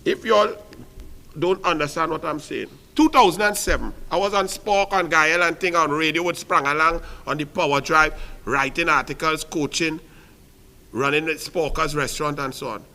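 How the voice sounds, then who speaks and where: Fiery Trinidadian man, sharp forceful voice. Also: fairly high pitch, moderate pace. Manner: fiery, rhetorical, repeats phrases with punch. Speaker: political commentator. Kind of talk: impassioned political commentary monologue.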